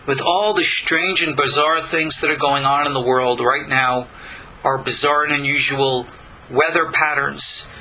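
An older man from Long Island, giving a slow, deliberate spiritual lecture with many pauses. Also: fairly high pitch, vocal fry, bright, forceful tone, a little hiss or hum, rough recording. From Long Island, New York. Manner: slow, deliberate, pausing between phrases. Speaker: spiritual teacher.

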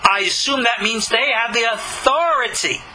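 A man giving a religious teaching, asking rhetorical questions and slowing down to read scripture aloud. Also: extremely high pitch, pushed and bright, a little hiss or hum, rough recording. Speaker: Jewish teacher.

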